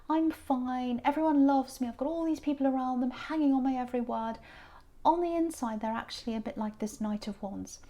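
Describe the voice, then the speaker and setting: Casual female tarot reader, warm and mellow, meandering and repetitive delivery. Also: a little high. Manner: rambling, repeats phrases, soft asides. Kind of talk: casual tarot reading monologue.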